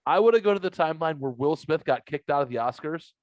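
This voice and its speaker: A man co-hosting a podcast, telling profane, exaggerated comic stories in a casual, animated way. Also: a little high, fast talker, no room sound, highs cut off. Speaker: podcast co-host. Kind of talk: casual comedic storytelling.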